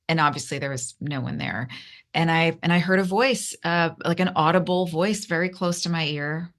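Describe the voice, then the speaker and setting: A woman appears as a podcast guest, telling her story candidly and earnestly with lots of restarts and fillers. Her slightly bright voice climbs high when she gets emotional.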